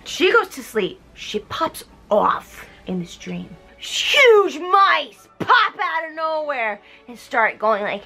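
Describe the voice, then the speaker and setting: Brief: tipsy young woman comic narrator, high and bright, giggly, does voices. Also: slow pace, faint music behind. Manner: giggly, animated, voices the characters. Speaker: host. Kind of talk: tipsy comedic retelling.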